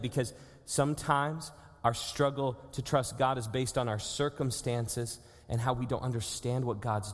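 A man's voice: mid-range voice, a little mellow. A man in his thirties preaching a sermon in an earnest, conversational way, acting out little quoted exchanges. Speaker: pastor. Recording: long hall reverb.

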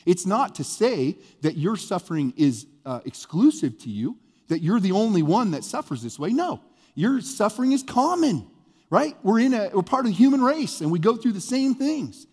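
Male pastor, animated conversational preacher, a touch high-pitched, echoing through a big sanctuary. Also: normal speed, husky. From US Midwest. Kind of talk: sermon.

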